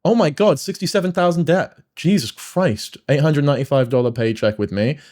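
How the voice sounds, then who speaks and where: A man's voice: on the high side, fairly quick, a little mellow. A man giving casual reaction commentary, swearing and laughing often. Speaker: streamer reacting to videos.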